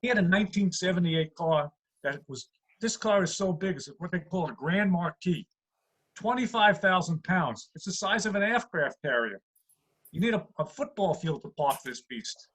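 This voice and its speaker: A man doing a stand-up routine over a video call, delivering deadpan one-liners. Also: high voice, moderate pace, slightly rough, poor audio. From USA. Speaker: stand-up comedian. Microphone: computer mic on a video call.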